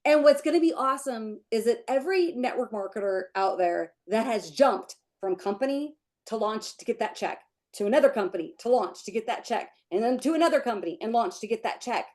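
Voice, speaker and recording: A woman's voice: a little fast, few pauses. Gushing woman giving a pep talk. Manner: gushing, emotional, breaks into high excited chants. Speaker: team leader hosting a sales meeting.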